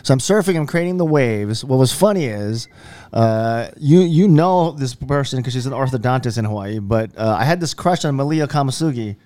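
A man's voice: mid-range voice, expressive, moderate pace, mellow. A man in casual conversation, telling stories animatedly, acting out his own quotes and swearing freely.

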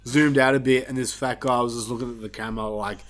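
A man's voice: mid-range voice, fast. A man co-hosting a podcast, reviewing wrestling matches in a casual, sarcastic, swearing chat. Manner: animated, sarcastic, swears, laughs often. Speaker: podcast co-host.

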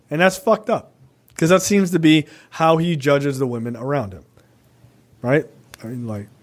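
A man co-hosting a podcast, talking politics casually in a profane, rambling way, tossing in lots of "right?". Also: fairly high pitch. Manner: profane, animated, rambling with many "right?" asides. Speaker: podcast co-host.

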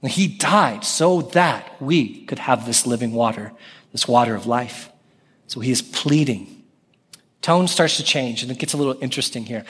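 A man in his thirties preaching a sermon as pastor, animated and calling out scripture with raised voice. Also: a little high, normal speed, husky. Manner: animated, calls out scripture loudly. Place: church sanctuary. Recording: long reverb of a church hall.

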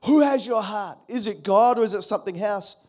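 A man's voice: high-pitched, brisk, a little mellow. A man in his forties preaching a sermon as pastor, emphatic, repeating key phrases and calling on the congregation to respond.

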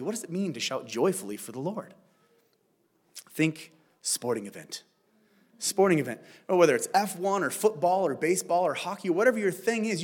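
A middle-aged man preaching a sermon as pastor, teaching in a conversational, animated style with playful asides. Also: high-pitched, husky. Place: church.

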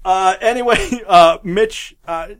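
A man's voice: high voice, takes it slowly, a crowd in the background. A man co-hosting a podcast, casually recapping a film, loose and jokey. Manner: laughs often, loose and jokey. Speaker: podcast co-host.

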